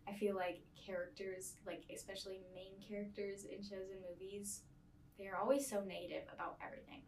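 A young woman co-hosting a podcast, reviewing a movie casually in halting speech full of fillers and trailing off. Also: mid-range voice, fairly even intonation, a little mellow, a little hiss or hum. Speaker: podcast co-host. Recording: echoey room, far from the mic.

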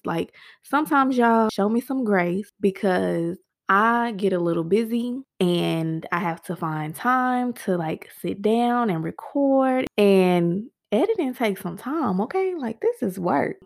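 A young adult woman hosts a solo podcast in a relaxed, unhurried way. She talks openly and directly to her listeners, as if venting to friends, at a mid-range pitch. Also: vocal fry. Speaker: podcast host. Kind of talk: casual solo podcast talk.

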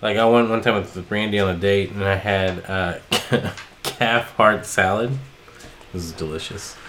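A man's voice: on the low side, steady tone, a little slow, a bit bright, slight background noise. A man co-hosting a podcast in casual chat, enthusiastic and rambling, laughing often. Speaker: podcast co-host.

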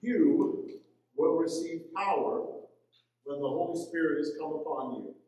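Man, Bible class teacher, conversational, asks questions, fairly high voice, heavy room echo. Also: a little slow, warm tone, a little hiss or hum. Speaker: adult Sunday school teacher. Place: church classroom. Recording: very echoey room, mic far off.

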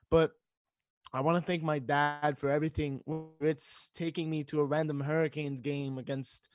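A teenage boy, a student radio sports director, talks on air while fighting back tears, halting and laughing. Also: fairly high pitch, no echo. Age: teens. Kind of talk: emotional casual chat on radio.

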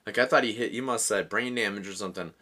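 A man with a bright, forceful voice hosting a casual podcast chat. He tells his story in an animated way, swearing freely and laughing through it. He keeps a loose, conversational delivery. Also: on the low side, fast talker. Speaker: podcast host.

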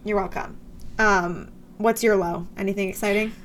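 A woman's voice: mid-range voice, fairly even intonation, normal speed, a little hiss or hum. Chatty young woman co-hosting a podcast. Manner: chatty, bubbly, joking. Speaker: podcast co-host. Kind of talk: casual chat.

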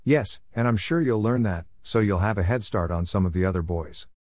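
A man's voice: fairly low pitch, brisk, darkish tone, no room sound, studio quality, natural voice. A man reading a story, voicing a patient but firm grandmother on a camping trip.

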